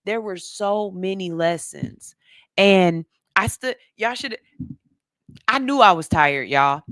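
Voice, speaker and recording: A woman hosting a radio show, telling a story to her listeners in a casual, animated way and calling them "y'all". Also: on the low side, normal speed, dry recording, clean studio sound. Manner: animated, talks straight to the audience as "y'all"; slips into soft, hushed voices when quoting people.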